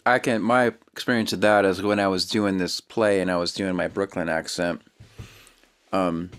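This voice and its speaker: A man's voice: low-pitched, fairly even intonation, moderate pace, clear, resonant tone. A man hosting an interview, conversational and affirming, asking open questions. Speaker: podcast host, interviewer. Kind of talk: casual interview.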